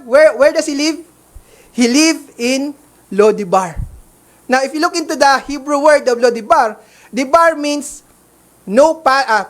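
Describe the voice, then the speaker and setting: A woman preaching a sermon, often calling her listeners brethren and checking in with them. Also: high-pitched. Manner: calls listeners brethren, keeps checking in with okay.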